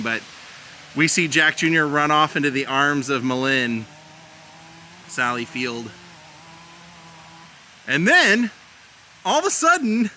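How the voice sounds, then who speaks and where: A man's voice: medium pitch, pushed and bright, slight background noise. A man giving a casual tour of film locations outdoors, chatting and laughing as he retells scenes. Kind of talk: casual vlog narration.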